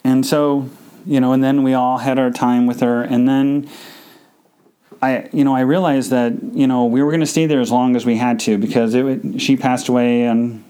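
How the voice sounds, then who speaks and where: A man hosting a podcast, telling a personal story in a halting, emotional way with many restarts, grieving and tearful. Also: medium pitch, flat delivery, mellow, clear, resonant tone. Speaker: podcast host.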